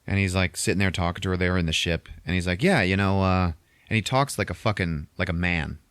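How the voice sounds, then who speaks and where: A podcast host with a low, fairly even voice talks quickly, his tone a bit bright, clear and resonant, with no echo in the recording. He rambles through a movie recap, swearing heavily and acting out the scenes in a casual, profane retelling.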